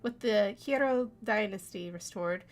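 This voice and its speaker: A woman's voice: medium pitch, unhurried, close to an everyday voice. A woman voicing a polite, earnest young male prince who speaks formally as he recounts events. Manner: courteous, formal storytelling.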